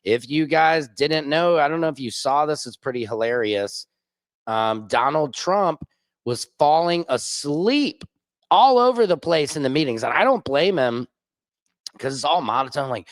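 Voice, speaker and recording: A man hosts a comedy news livestream, riffing on headlines and doing quick mock voices. His voice sits a bit high and sounds close and dry on the mic. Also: animated, dry recording. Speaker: comedic news show host. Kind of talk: casual comedic commentary livestream.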